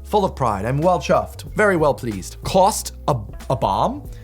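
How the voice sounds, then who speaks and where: A young male video host jokes his way through a quiz, reading definitions aloud with mock outrage and quick laughs. His voice sits fairly high and swings widely in pitch, with faint music in the background.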